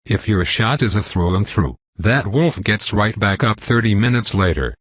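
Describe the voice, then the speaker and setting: Man voicing a blunt werewolf hunter, lecturing, husky lowish voice. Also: expressive, normal speed, no echo.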